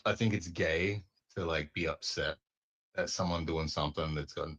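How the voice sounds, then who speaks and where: A man's voice: a bass voice, steady tone, normal speed, fairly bright tone, husky. A man on a livestream panel speaking in a laid-back, casual way. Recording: lo-fi stream audio.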